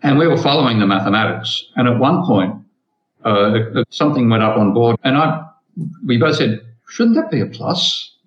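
A man's voice: mid-range voice, normal speed. An older man, a guest telling a story from his student days in a casual chat. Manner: storytelling, reminiscing. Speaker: guest economist. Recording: roomy, dull lo-fi sound.

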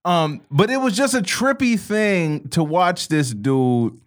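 A man's voice: high voice, expressive, takes it slowly. A young man co-hosting a comedy podcast, talking in a loose, profane way and slipping into mocking impressions. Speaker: podcast co-host. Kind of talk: casual comedic chat.

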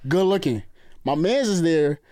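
A man from the New York area tells a rambling story in a relaxed podcast chat, his voice a little higher than most men's. He keeps slipping into the voices of the people in the story. The sound is close and dry, with almost no room in it. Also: a little slow, dry recording. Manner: animated, acts out other people's lines. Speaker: storyteller guest.

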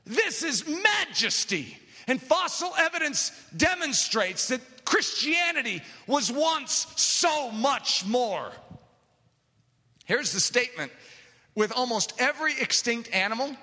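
Impassioned high-voiced male preacher in a hall. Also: big pitch swings, slow. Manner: impassioned, swings from quiet asides to shouting. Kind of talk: sermon. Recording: long hall reverb.

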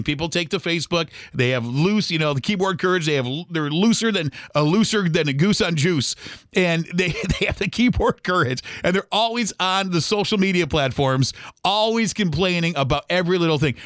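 A middle-aged man hosting his own podcast, delivering an emphatic, opinionated rant. His voice sits high for a man and swings widely up and down as he presses each point. The sound is close and dry. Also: fairly bright tone, no echo. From Michigan, USA. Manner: emphatic and ranting, mimics other people's complaints. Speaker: podcast host.

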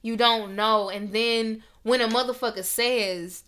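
Young woman podcast host, bright tone, slightly high pitch, emphatic and profane. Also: fairly even intonation, unhurried. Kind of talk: casual podcast rant.

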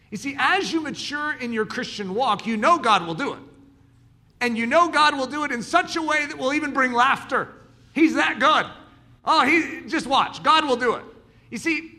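A man's voice: very high-pitched, moderate pace. A man preaching a sermon, telling stories and acting out the voices of the people in them. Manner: animated storytelling, acts out dialogue.

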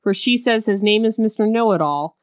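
A woman co-hosting a casual chat, animated and acting out movie lines in exaggerated voices. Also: medium pitch, a little fast, clear, resonant tone, dry recording, studio quality.

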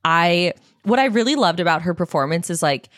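Gushing, lively woman, dry close sound. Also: fairly low pitch, fairly quick, dry recording. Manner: gushing, laughs often, swears. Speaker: podcast co-host. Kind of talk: casual chat.

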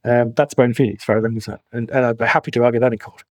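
A man's voice: mid-range voice, fairly even intonation, racing, no room sound. A man in his forties, a financial planner speaking as a podcast guest, talking emphatically and reaching for colorful analogies. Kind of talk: podcast interview.

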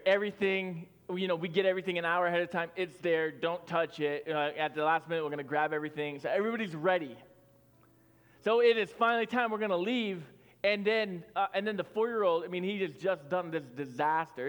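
A man in his thirties preaching a conversational sermon as pastor, telling a story with fillers and swinging between loud emphasis and soft, quiet lines. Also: fairly high pitch, clear, resonant tone. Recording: long hall reverb with soft music.

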